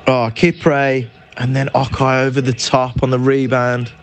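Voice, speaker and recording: A man giving lively, animated live match commentary as a fan. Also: medium pitch, measured pace. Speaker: podcast co-host. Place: indoors by a fireplace.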